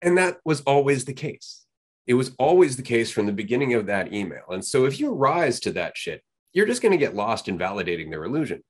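Husky, animated podcast guy. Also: mid-range voice, a little fast. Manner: animated, blunt, swears freely. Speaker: podcast co-host. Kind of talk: casual podcast chat.

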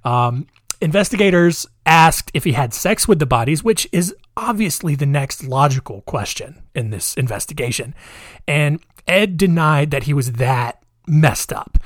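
A man's voice: on the high side, expressive, unhurried, no room sound, studio quality. Chatty young man telling a true-crime story. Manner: chatty, with fillers and asides.

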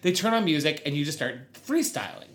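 Podcast co-host: woman in her thirties, self-mocking storyteller, very lively pitch, recorded in an echoey room. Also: brisk. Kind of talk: casual chat, storytelling.

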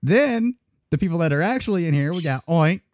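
A man's voice: a little high, lively intonation, fairly quick, darkish tone. A man hosting a live internet radio talk show, chatting loosely and laughing as he goes. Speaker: host. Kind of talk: casual live radio chat.

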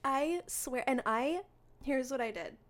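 A young woman co-hosting a podcast, chatting casually and telling a story with animated energy. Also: high-pitched, unhurried. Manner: animated storyteller, acts out her own screams. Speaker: podcast co-host. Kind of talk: casual chat.

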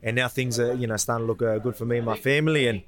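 Australian bloke, quick interview talk, humble and rambling, lots of fillers. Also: male voice, medium pitch, fairly even intonation, a crowd in the background. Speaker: fighter guest. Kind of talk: casual interview chat.

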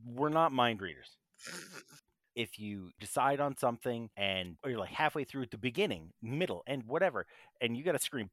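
A man's voice: medium pitch, expressive, moderate pace, fairly bright tone, dry recording. Man, podcast co-host, rambling, jokey, dry close mic. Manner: rambling, jokey, self-interrupting. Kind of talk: casual podcast chat.

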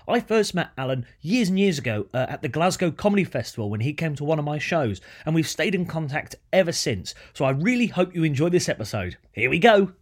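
A man's voice: a little high, big pitch swings, a little fast, hardly any pauses, a little hiss or hum. A man hosting a podcast, chatting casually and telling anecdotes with an easy, friendly flow. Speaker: podcast host. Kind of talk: casual chat.

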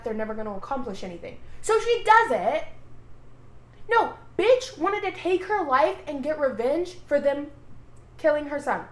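A woman chats through a TV recap for her podcast, swearing and jumping into the characters' quotes. Her voice sits a little high. The room is echoey around her. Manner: animated, swearing, acts out quotes. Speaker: podcast co-host. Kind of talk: casual recap chat.

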